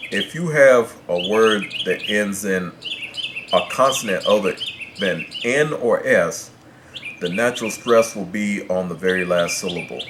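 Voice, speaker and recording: A man teaching a Spanish pronunciation lesson in English, measured and repeating his points to make them clear. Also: lowish voice. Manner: measured, repeats and rephrases explanations. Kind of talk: explanatory language lesson. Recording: clear background noise with birdsong. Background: birds chirping.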